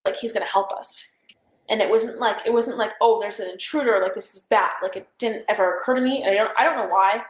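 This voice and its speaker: A woman's voice: medium pitch, quick pace, roomy sound, a little hiss or hum, low-quality recording. A young woman in a police interview, recounting events in a hesitant, rambling way full of "like" and "I don't know". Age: young adult.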